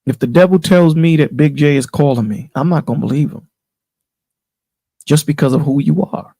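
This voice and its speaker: Guy with a raspy gravelly voice, kinda high for a dude, preachy casual chat on a call. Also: moderate pace, dark tone, no echo. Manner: preachy, emphatic, repeats "you know what I'm saying". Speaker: channel host on a panel call.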